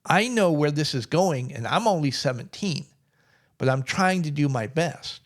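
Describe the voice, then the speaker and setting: A man's voice: on the high side, lively intonation, normal speed. A middle-aged man telling a personal story in a plainspoken, wry way. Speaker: vlogger.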